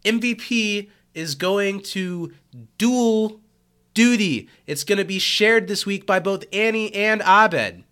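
A male podcast co-host talks in a loose, joking way and stumbles over his words now and then. His voice is bright and pitched a little high, though he is under the weather with a sick voice. He stays relaxed and chatty. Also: slow pace, clear, resonant tone. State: sick, hoarse voice. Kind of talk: casual chat.

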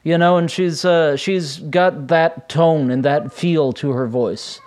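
A chatty man hosts his podcast alone from a room at home, his voice sitting a little high for a man. He rambles along in a loose, casual way, often stopping to restart a thought. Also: slow pace, darkish tone. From United States. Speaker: podcast host. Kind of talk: casual solo podcast chat.

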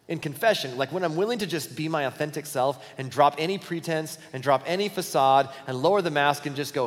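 Conversational pastor preaching in a reverberant hall. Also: male voice, on the high side, fast, hardly any pauses. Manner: conversational, candid storyteller with restarts. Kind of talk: sermon.

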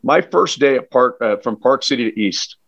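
A man, a high school football coach, telling stories in a casual podcast chat, earnest and emphatic with frequent restarts. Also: expressive, moderate pace, creaky, fairly bright tone, no room sound. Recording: dull, dry lo-fi sound.

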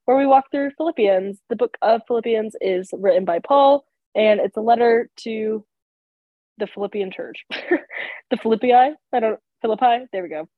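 A woman's voice: a little high, moderate pace, dry recording. A young woman co-hosting a casual faith podcast, sounding congested and sick, rambling with lots of fillers. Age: young adult. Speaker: podcast co-host. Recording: tinny phone-like sound, dry.

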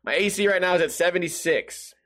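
A man's voice: high voice, fairly quick, fairly bright tone. A man hosting a podcast, telling a rambling, profane, self-mocking story in a casual monologue while sweating in a hot room. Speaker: podcast host.

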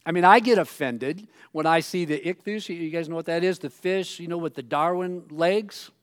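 A man's voice: fairly high pitch, normal speed, smooth. Chatty, joking male preacher. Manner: casual, joking storytelling full of "you know" asides. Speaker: pastor. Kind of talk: sermon.

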